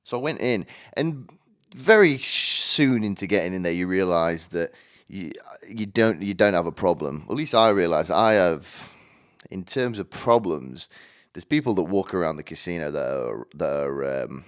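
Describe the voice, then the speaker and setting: A man's voice: low-pitched, expressive, moderate pace, clear, resonant tone. A man in his twenties with a British accent, telling a story in a rambling, self-mocking monologue full of coarse slang. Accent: British English. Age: 20s. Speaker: podcast host.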